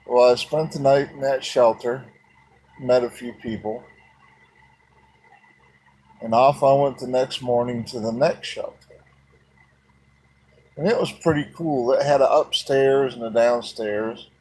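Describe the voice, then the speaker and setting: A man's voice: mid-range voice, unhurried, long pauses, a little mellow, slight background noise, poor audio. A man telling a personal story in a folksy, plain-spoken way.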